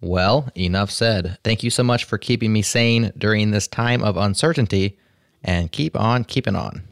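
A man hosting a podcast, reading out a listener message in a friendly, even way. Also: lowish voice, normal speed, vocal fry, dry recording, studio quality. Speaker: podcast host.

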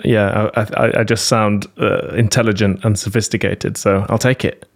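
A man's voice: fairly low pitch, little pitch movement, moderate pace. A British man, a podcast panelist, chatting casually with a self-deprecating, joking manner. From Britain. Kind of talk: casual chat.

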